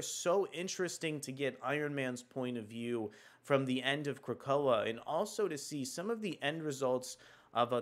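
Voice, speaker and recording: A man hosting a casual livestream, chatting enthusiastically with frequent fillers. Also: mid-range voice. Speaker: livestream host. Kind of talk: casual comics news livestream.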